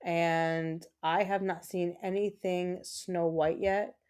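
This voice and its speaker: Lady gamer on stream, low-ish voice, rambly chatter to herself. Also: little pitch movement, slow pace, darkish tone. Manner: chatty, self-talking, rambling. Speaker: gaming livestream host. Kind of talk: casual chat while playing.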